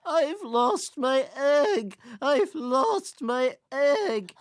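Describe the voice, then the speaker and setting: A woman's voice: high voice, animated, no room sound, voice pushed up, full character voice. A woman voicing a huge, hairy pink mother creature who sobs and wails in a children's TV story. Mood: wailing. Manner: wailing, drawn-out.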